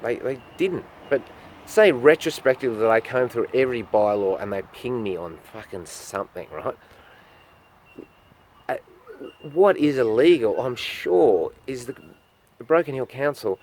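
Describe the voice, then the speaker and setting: A man's voice: mid-range voice, darkish tone, slight background noise. An Australian man telling a long, rambling story straight to camera, swearing freely and acting out what other people said. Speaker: street performer with a goat.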